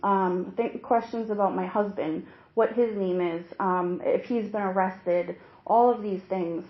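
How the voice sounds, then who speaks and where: A young mother tells her own story in an earnest, halting way, restarting her sentences often. Her voice sits in an ordinary middle pitch. It is caught on a hidden recorder, so the sound is dull, lo-fi and echoey. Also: steady tone. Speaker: interviewee, new mother. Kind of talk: emotional personal account. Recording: roomy, dull lo-fi secret recording.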